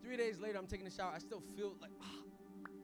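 A young man preaching an energetic sermon as pastor, casual and full of slang, swinging from hushed asides to shouting. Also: high voice, racing, music in the background.

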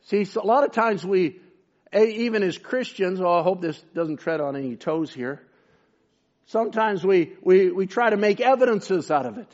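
A man's voice: high-pitched, expressive, normal speed, lo-fi sound. A man preaching a sermon with fervor, often repeating words as he searches for the next one. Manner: fervent, repeats words while searching for them.

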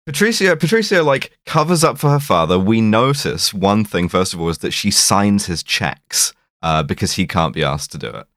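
A man's voice: fairly low pitch, sing-song, moderate pace, hardly any pauses, a bit bright, dry recording, clean studio sound. A man co-hosting a podcast, recapping a film in a rambling, fond way with plenty of fillers. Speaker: podcast co-host. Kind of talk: casual chat.

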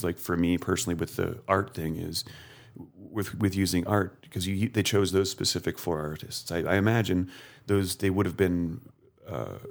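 Low-voiced male guest, halting restarts, eager about art. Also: vocal fry. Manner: halting, many restarts, enthusiastic. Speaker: podcast guest, artist. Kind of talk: casual conversation.

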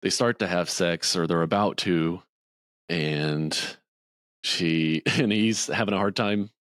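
A man's voice: slow, fairly bright tone, clear, resonant tone, no room sound, studio quality. A man co-hosting a podcast, rambling through a movie plot in casual chat and acting out the characters' lines. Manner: rambling, acts out characters' lines in higher voices. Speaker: podcast co-host.

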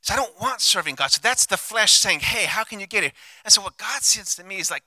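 A man preaches into a handheld mic, his voice high and strikingly bright. He is passionate, dropping low and quiet, then rising to loud, ringing declarations. The sound is close and dry, with almost no room. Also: expressive, fairly quick, no echo. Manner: passionate, swings from hushed to loud. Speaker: pastor. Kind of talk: sermon.

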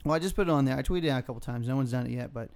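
A man's voice: mid-range voice, racing, crowd noise. A man hosting a podcast, talking loosely with lots of swearing. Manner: profane, loose, promo-reading. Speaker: podcast host. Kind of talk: casual banter.

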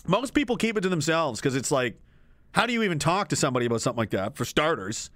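A man's voice: on the high side, quick pace, dry recording. A man streaming and reading chat, ranting casually with lots of swearing and frequent laughter. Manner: animated, laughs often, swears freely. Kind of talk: casual profane rant.

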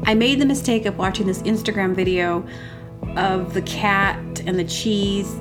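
A woman hosting a podcast, telling comic personal stories in a rambling, animated way and acting out quotes in exaggerated voices. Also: medium pitch, measured pace. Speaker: podcast host. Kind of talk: casual comedic storytelling. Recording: music playing behind.

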